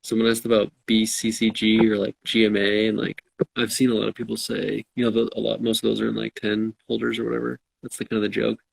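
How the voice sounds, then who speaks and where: A man's voice: on the low side, completely flat delivery, fast, vocal fry, slightly rough, no echo, rough recording. A man co-hosting a casual live-stream chat, answering viewer questions in a laid-back, self-deprecating way.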